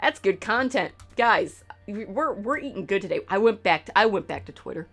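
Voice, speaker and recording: A woman's voice: mid-range voice, lively intonation, moderate pace, a bit bright. A woman streamer rambling to her chat at home, swearing freely and jumping between topics. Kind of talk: casual chat with stream viewers. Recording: faint game music behind.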